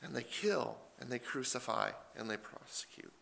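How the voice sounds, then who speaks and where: Gravelly, bright-voiced male preacher. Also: medium pitch, normal speed, a little hiss or hum. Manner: animated, retelling scripture in casual paraphrase. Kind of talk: sermon.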